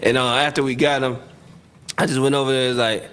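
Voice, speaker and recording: A man, a guest telling a lively sports story in casual chat, laughing often and acting out what people said. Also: medium pitch, fast talker, clear, resonant tone. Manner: animated, acts out quotes, laughs often. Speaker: guest, former NFL receiver.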